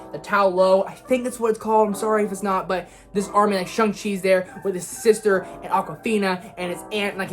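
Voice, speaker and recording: A woman giving an excited spoiler movie review in a gushing, casual way, with slang and swearing. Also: medium pitch. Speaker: film reviewer.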